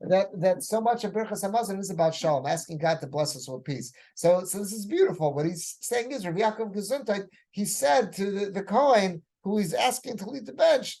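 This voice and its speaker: A man's voice: sits high, expressive, brisk, creaky, few pauses, darkish tone. A man, a rabbi, giving a Torah class who reads Hebrew phrases and then explains each one in casual English. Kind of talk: Torah class, reading and translating a text.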